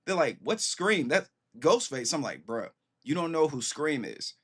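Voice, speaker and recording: Excitable slangy man reacting to music. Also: on the high side, normal speed. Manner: excitable, slangy, swears freely, talks straight to viewers. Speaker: reaction video host. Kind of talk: casual reaction commentary.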